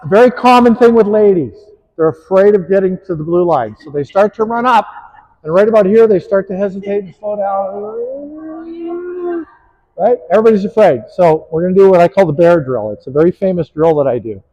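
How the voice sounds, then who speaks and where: A man's voice: high voice, expressive, moderate pace, mellow, lo-fi sound. A man coaching players on the court, upbeat and encouraging as he calls out praise and instructions. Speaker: pickleball coach.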